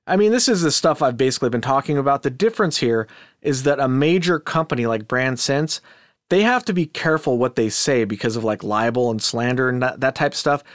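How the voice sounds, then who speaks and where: A man's voice: medium pitch, animated, brisk, no room sound, studio quality. A man hosting a casual commentary podcast, chatty and skeptical, talking with asides and restarts. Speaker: podcast host.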